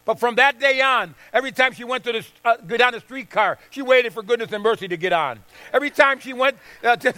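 Emphatic older male preacher, bright voice. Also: very high voice, brisk, hardly any pauses, dry recording. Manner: emphatic, repeats phrases for stress. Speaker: pastor. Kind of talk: sermon.

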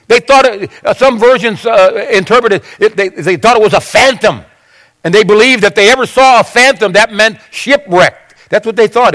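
Guy preaching a sermon, pretty high voice, jumps all over in pitch, acts out the quotes. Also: moderate pace. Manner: animated, acts out Bible quotes, frequent restarts. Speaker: pastor.

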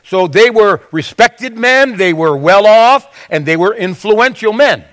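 A man's voice: high voice, expressive, a little slow, a bit bright. A man preaching a sermon in a conversational way, reading scripture aloud and asking his listeners questions.

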